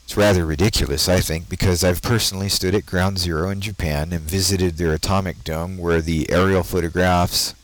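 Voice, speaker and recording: Very deep-voiced American man preaching. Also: rough recording. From United States. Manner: deliberate, preachy, rhetorical. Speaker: host of an occult talk show. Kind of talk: solo monologue commentary.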